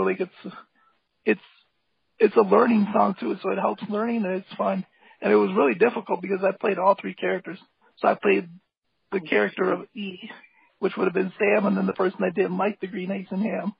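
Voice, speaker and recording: A man with a high voice and heavy vocal fry speaks casually, with plenty of filler words. His tone stays enthusiastic and rambling. The sound is dry and dull, like a lo-fi call recording. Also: no echo. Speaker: guest, hip hop artist and graphic designer. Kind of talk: casual interview talk.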